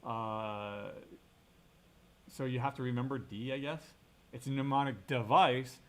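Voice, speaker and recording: Middle-aged man, mid-pitched, casual university lecturer, chatty and thinking aloud, leans on "right?". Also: measured pace. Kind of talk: recorded classroom lecture.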